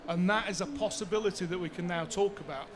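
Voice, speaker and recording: High-voiced man giving a seminar talk. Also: fast, crowd noise. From Bradford, England. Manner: conversational, answers his own rhetorical questions. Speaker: seminar speaker. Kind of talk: conference talk and Q&A.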